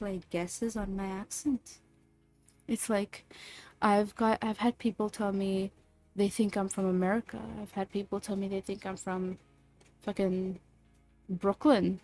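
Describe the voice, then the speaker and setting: Woman streamer just chatting w/ chat, teasy and jokey, soft music playing low in the back. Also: gravelly. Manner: playful, teasing, lots of laughs. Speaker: livestreamer chatting with viewers. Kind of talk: casual livestream chat.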